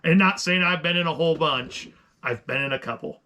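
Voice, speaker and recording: Middle-aged man, podcast co-host, rambling and animated, slightly high voice with a bright edge. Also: a little fast. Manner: animated, rambling with many restarts. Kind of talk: casual storytelling chat.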